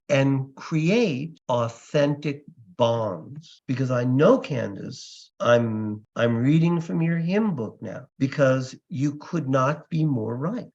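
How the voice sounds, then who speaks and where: A man's voice: on the high side, darkish tone. An older man, a comedy magician and podcast guest, telling stories with animation and acting out other people's voices. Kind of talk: storytelling interview answer. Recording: slightly dull lo-fi sound.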